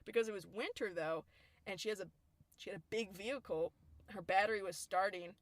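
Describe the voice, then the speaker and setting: A woman's voice: medium pitch, a little fast, no room sound. A young woman, co-hosting a podcast, telling a story in a chatty way and laughing often. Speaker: podcast co-host. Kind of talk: casual storytelling chat.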